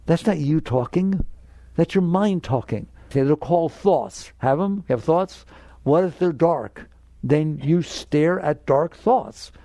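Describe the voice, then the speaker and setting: An older man with a gravelly voice gives a spiritual talk, direct and emphatic. His tone is dark and mellow, and the recording is dry and close. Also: on the high side, unhurried, no room sound. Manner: emphatic, direct, acts out inner voices in quotes. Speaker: spiritual teacher.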